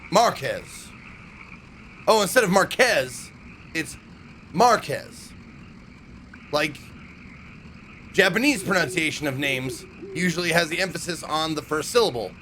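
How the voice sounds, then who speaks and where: A young man streams a narrative game, chatting loosely and reading its on-screen text aloud as he goes. His voice sits a little higher than most men's. A faint hiss lies under the recording. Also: animated, fairly quick, pushed and bright. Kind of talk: casual let's-play commentary.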